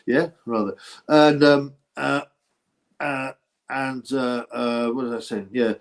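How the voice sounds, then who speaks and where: A boxing channel host rambles through a casual livestream, thinking aloud and answering viewer comments. His voice is mid-range for a man, steady and slow, and he wanders between topics in a gossipy way. He often questions himself, restarts, cuts off mid-sentence, and stops to greet people in the chat.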